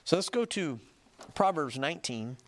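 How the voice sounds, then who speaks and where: A man preaching a sermon, emphatic and often checking in with "right?" and "okay?", reading scripture slowly and loudly. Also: fairly high pitch, animated, a little hiss or hum. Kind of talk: sermon teaching.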